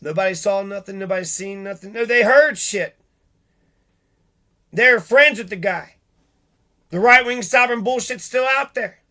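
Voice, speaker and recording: Man, middle-aged, profane ranting vlog, high voice, bright tone. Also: normal speed, long pauses. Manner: profane, agitated, rhetorical questions. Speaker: vlogger. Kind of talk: angry ranting monologue.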